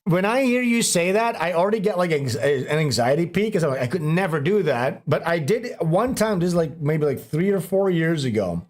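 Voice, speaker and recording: A man's voice: fairly high pitch, expressive, fairly quick, few pauses, a little mellow. A man hosting a livestream, telling a long story in a rambling, profane way, laughing often and acting out what people said. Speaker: livestream host. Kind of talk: casual storytelling chat.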